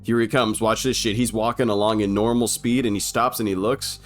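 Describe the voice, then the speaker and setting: A young man giving casual, excited commentary on an old film, slangy, swearing and laughing often. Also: fairly low pitch, brisk, soft background music. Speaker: movie reaction commentator.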